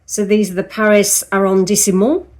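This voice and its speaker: A woman talks casually to camera in a chatty, rambling way. She often turns to the viewer with asides. Her voice sits at a middling pitch. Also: flat delivery, moderate pace, darkish tone. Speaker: lifestyle vlogger. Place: at home showing a book, later outdoors in a park.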